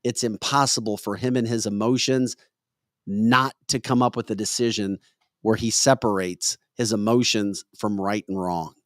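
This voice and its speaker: A male podcast host delivering emphatic, opinionated political commentary. He has a fairly low voice, recorded dry and close with no room sound. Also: steady tone, normal speed, a bit bright, no echo.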